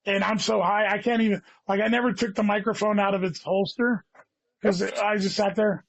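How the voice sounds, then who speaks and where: A guest comedian with a high-pitched voice and vocal fry tells a long, casual story in a level tone at a moderate pace. He rambles, swears heavily and says "dude" constantly, all on a dull lo-fi recording.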